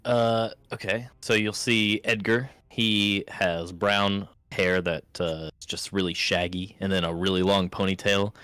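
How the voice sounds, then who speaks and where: Bright, dry-voiced male tabletop player. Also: deep voice, fairly even intonation, unhurried, few pauses, clean tone, no echo. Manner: laughing, playful, voices his character in first person. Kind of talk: tabletop role-play chat.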